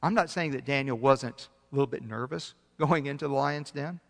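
A man preaching a sermon, reading scripture aloud and swinging between loud emphasis and quiet passages, sometimes losing his place and correcting himself. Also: medium pitch, brisk, vocal fry, in a large hall. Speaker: pastor.

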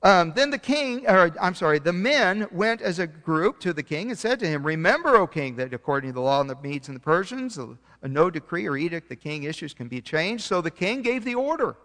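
A man preaching a sermon, reading scripture aloud and swinging between loud emphasis and quiet passages, sometimes losing his place and correcting himself. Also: high-pitched, big pitch swings, fairly quick, hardly any pauses, in a large hall. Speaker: pastor.

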